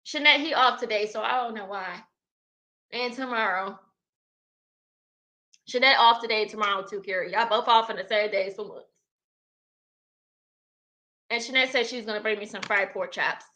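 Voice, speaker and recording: Bright-voiced chatty woman livestreaming. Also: medium pitch, normal speed, pauses often. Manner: chatty, laughs often, talks to viewers as y'all. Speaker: livestream host reading chat. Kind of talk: casual livestream chat.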